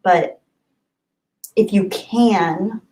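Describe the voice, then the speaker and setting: A woman's voice: mid-range voice, very slow, dark tone, low-quality recording. A young adult woman hosting a casual livestream, chatting and giggling as she answers viewers' comments by name. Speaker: livestream host.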